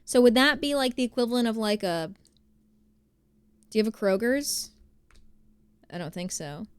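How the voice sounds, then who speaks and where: A woman's voice: fairly high pitch, expressive, normal speed, smooth, no echo. Chatty young woman streamer. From New Jersey, USA. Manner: chatty, rambling with many fillers. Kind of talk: casual chat reading viewer messages.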